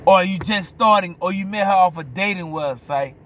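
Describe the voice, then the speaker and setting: A man's voice: high voice, moderate pace, fairly bright tone, slight background noise. A man with a New Orleans accent giving a blunt, profane opinion monologue, often stopping to ask if you hear him. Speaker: vlogger.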